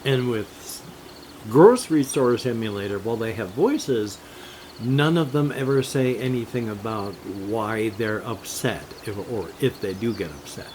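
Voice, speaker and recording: An older man talking in a slow, rambling, casual monologue about games, drifting from topic to topic and chuckling now and then. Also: medium pitch, lively intonation, a little mellow, a little hiss or hum. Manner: slow, meandering, jumps between topics with chuckles. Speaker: gaming vlogger.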